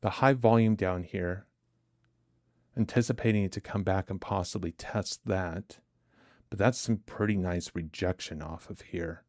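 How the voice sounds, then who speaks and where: A man's voice: deep voice, steady tone, measured pace, darkish tone, dry recording, studio quality. A man hosting a live trading stream, chatting casually with viewers in a chatty, self-deprecating way and laughing easily.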